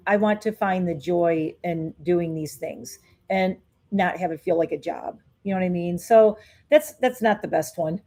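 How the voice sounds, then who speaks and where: A woman in her fifties with a rather low, dark voice works through her skincare routine as a beauty vlogger. She chats casually, in a candid and reflective way.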